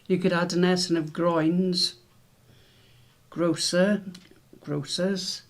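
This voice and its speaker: A man's voice: high voice, little pitch movement, slow pace. A man hosting a casual word quiz, musing aloud over the letters and spelling words out. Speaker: quiz host.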